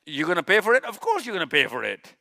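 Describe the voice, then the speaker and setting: A man's voice: sits high, huge pitch swings, fast, creaky, sharp tone. A man giving a live lecture in an event hall. He is emphatic, repeats key words and asks rhetorical questions that he answers himself. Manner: uses a clicker with slides. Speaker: speaker.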